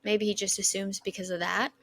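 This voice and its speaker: A young woman co-hosting a casual book review podcast, easygoing and quick to agree and laugh. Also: medium pitch, little pitch movement, fairly bright tone. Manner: easygoing, short agreeing replies, laughs often. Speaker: podcast co-host.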